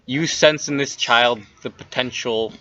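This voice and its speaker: A man's voice: medium pitch, unhurried, bright, forceful tone, no room sound. A man running a tabletop game as game master, explaining rulings casually and laughing between them. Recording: dull lo-fi recording.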